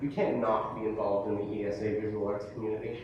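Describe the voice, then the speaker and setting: In an echoey large hall or classroom, heard from a distance, a late-teen male student presents to an audience, self-deprecating and jokey, with frequent stammers and restarts. He talks fast in a lowish, flat, darkish voice. The highs are cut off and there's a little hiss or hum.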